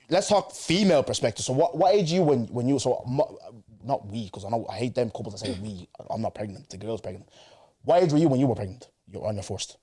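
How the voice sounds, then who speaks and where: Guy hosting a pod, slangy and animated, loads of asides. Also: medium pitch, quick pace, breathy edge. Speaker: podcast host. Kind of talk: casual storytelling chat.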